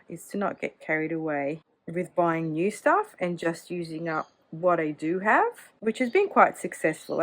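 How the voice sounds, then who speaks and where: Talking about fountain pens, a woman vlogs in a warm, chatty way, constantly softening things with "kind of." Her voice is on the low side, with no echo, but the audio is poor.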